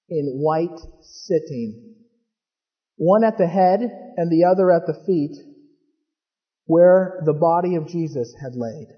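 A pastor preaching a sermon, moving from calm scripture teaching to fervent, emphatic preaching. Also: male voice, fairly high pitch. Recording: dull lo-fi recording with long hall reverb.

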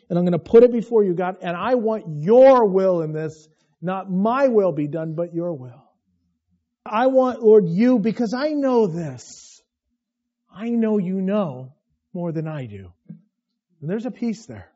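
A man preaching a sermon as pastor, emphatic, with his voice rising into loud bursts. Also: sits high, muffled recording.

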